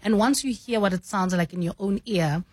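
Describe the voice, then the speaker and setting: A woman, a news anchor and mentor, explaining her craft in a measured way and often saying "you know". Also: mid-range voice, darkish tone, breathy edge, no echo. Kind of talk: radio studio conversation.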